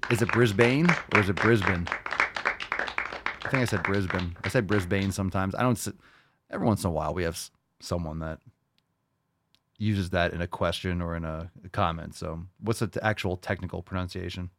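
Brief: male fitness coach hosting a podcast, casual, crude jokes, coaching tone, lower voice. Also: normal speed, no echo, clean studio sound. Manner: coaching, blunt, profane and joking. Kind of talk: casual podcast chat, answering listener questions.

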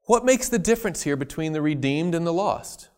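A man preaching a sermon, stressing key words loudly and then dropping to quiet asides. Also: a little high, lively intonation, brisk, clear, resonant tone. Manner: emphatic, swinging between loud stresses and quiet asides.

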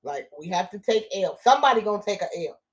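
A woman's voice: mid-range voice, lively intonation, quick pace. A woman co-hosting a casual podcast with her husband, teasing him and giving relationship advice. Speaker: co-host. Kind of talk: casual couple's podcast chat.

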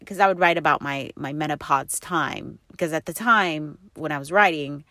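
A woman's voice: sits low, moderate pace, sharp tone, no room sound, studio quality. A middle-aged woman hosting her own podcast from inside a car, telling rambling, upbeat stories full of fillers. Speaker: podcast host. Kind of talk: casual chatty podcast monologue.

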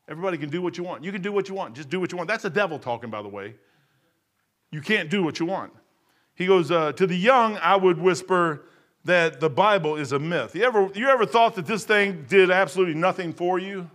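A man's voice: high voice, lively intonation, a little fast, fairly bright tone. A man preaching an informal sermon in an emphatic, conversational way, often repeating and restarting his words.

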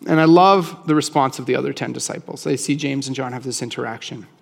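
A man preaching a sermon in a relaxed, conversational way, often acting out quoted voices. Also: mid-range voice, fast talker, vocal fry, in a large hall. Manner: casual, animated, acts out quoted voices. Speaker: pastor.

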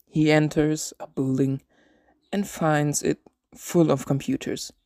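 Deadpan man narrating an absurd story. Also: a little high, slow pace, dry recording, clean studio sound.

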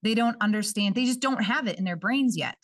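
A woman working in early childhood education, chatting casually on a podcast and acting out parents and kids in quick quoted voices. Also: mid-range voice, far from the mic. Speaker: early childhood coordinator, guest.

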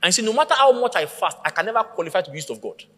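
Man, pastor preaching, high voice, bright tone, long hall reverb. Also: rapid-fire. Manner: animated storytelling, acting out voices, shouting at peaks. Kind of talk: sermon.

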